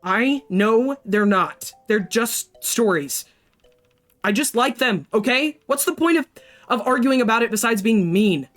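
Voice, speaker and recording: A woman's voice: on the high side, fairly quick, soft background music, natural voice. A woman voicing a flustered young woman artist in a game, stammering as she defends herself.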